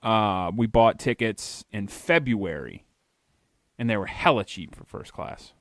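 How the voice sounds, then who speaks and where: A man's voice: lowish voice, animated, unhurried, no echo, clean studio sound. A man co-hosting a podcast, talking in casual crude banter, profane and rambling, poking fun at his own fear of flying. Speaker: podcast co-host.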